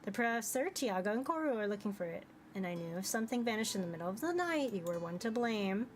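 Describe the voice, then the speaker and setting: A woman's voice: medium pitch, sing-song, fast, a little hiss or hum, lightly acted. A woman voicing a proud, scornful woman adventurer in a visual novel, with a cool, dismissive delivery.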